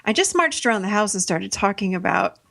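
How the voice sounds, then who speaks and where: A woman's voice: medium pitch, big pitch swings, fairly quick, gravelly, fairly bright tone. A middle-aged woman hosting a podcast, telling a story casually, laughing often and acting out her own lines. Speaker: podcast host.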